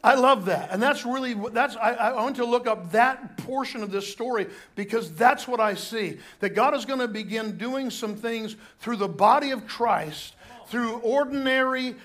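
A man's voice: very high-pitched, moderate pace, few pauses, a bit bright. A man pastor giving a sermon in a conversational way, with joking asides and restarts.

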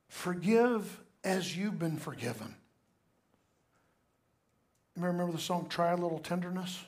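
An older man, a pastor and grandfather, preaching a sermon and telling stories, swinging from hushed to loud and emphatic. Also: sits high.

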